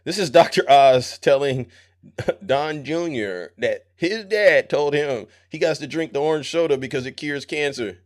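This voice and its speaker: A man giving animated live-stream commentary who laughs often and speaks straight to his viewers. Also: a little high, unhurried. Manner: excitable, laughs often, addresses the audience directly.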